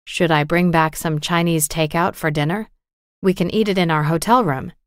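A woman voicing a calm, caring teenage boy in a storybook, in her own slightly lowered, gentle voice. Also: moderate pace, no room sound, studio quality, lightly acted.

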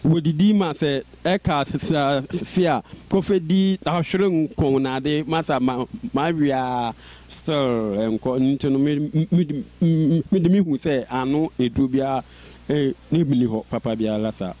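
Man who stutters, mellow voice. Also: fairly high pitch, unhurried. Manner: stutters, with repeated syllables and restarts. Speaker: interview guest. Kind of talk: personal life-story interview.

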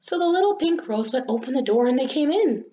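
A woman reading a children's story aloud in an expressive, gentle storytelling manner. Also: high voice, fast talker. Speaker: storybook reader. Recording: slightly dull lo-fi recording.

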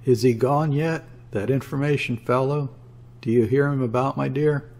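A man's voice: mid-range voice, steady tone, moderate pace, a little mellow, pitched above the performer's own voice, natural voice. A man voicing a crazed old sea captain who coaxes and chuckles in triumph. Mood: coaxing.

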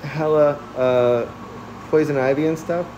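A man's voice: steady tone, unhurried, a little hiss or hum, low-quality recording. A young man chatting casually on a livestream from his newly moved-into house. He rambles, restarts and corrects himself. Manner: coos to his cats in a high soft voice.

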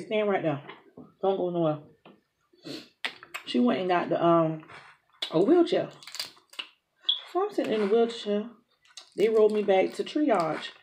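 A young woman telling a lively story over a meal, acting out each speaker's lines. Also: medium pitch, slight background noise. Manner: animated storyteller acting out dialogue, drawling. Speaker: mukbang host. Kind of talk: casual storytime while eating.

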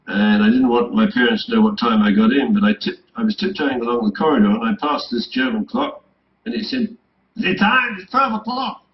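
A man's voice: medium pitch, reverberant, muffled recording. An Englishman co-hosting a casual chat, drifting into long personal asides before his questions. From England. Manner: discursive, wanders into asides. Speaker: co-host.

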